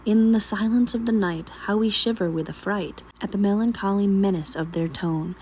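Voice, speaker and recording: A woman vlogger reading a poem aloud while cooking at home in her kitchen, in a slow, emphatic recital that draws out repeated words. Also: medium pitch, a little mellow, a little hiss or hum, rough recording. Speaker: vlogger and mother of a large family. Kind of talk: dramatic poetry reading.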